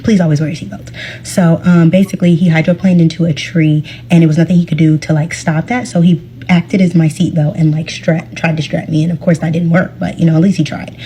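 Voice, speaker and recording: A woman tells the story of her own accident in a casual, chatty first-person way, full of fillers and quoted speech. Her voice sits low and sounds mellow, with a flat, brisk delivery.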